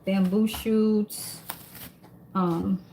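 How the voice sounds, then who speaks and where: A woman's voice: medium pitch, steady tone, extremely slow, dark tone, a little hiss or hum. A woman hosting a casual cooking livestream at home, chatting with her viewers while she cooks and swearing now and then. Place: home kitchen, then outdoors.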